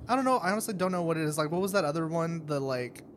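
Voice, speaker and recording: A man's voice: on the high side, animated, very fast, a bit bright, a little hiss or hum. A young man co-hosting a casual podcast, laid-back and sarcastic, swearing casually. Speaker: podcast co-host. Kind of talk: casual chat. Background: military jets overhead.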